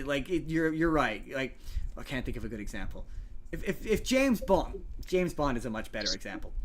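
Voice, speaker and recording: A man's voice: fairly high pitch, fairly bright tone. A man co-hosting a podcast, in casual chat, arguing his point with many restarts and repeated words. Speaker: podcast co-host.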